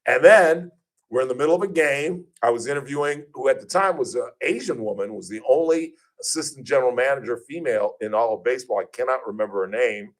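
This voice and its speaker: Animated male radio talk host. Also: quick pace. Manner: animated, acts out quoted voices with big pitch jumps. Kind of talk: casual radio storytelling.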